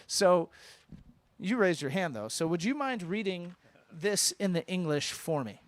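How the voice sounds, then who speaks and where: A man teaching a congregation in a synagogue, lively and informal, with joking asides and questions to the room. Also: high-pitched, measured pace. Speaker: rabbi teaching at a Shabbat service. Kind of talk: interactive sermon with congregation. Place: synagogue sanctuary.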